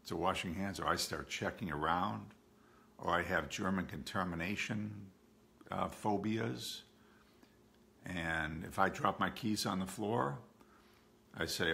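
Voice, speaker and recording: A man's voice: deep voice, a little slow, vocal fry, bright, forceful tone. A man in his sixties talking candidly and conversationally to a support group from his home, often repeating phrases for emphasis. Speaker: OCD educator and coach. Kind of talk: live-streamed talk to a support group.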